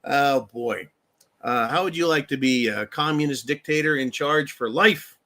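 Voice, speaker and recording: A man's voice: medium pitch, a little slow, pushed and bright. A man hosting a live stream, talking to viewers in a fired-up, profane, repetitive way and calling them "folks.". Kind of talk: political live stream monologue.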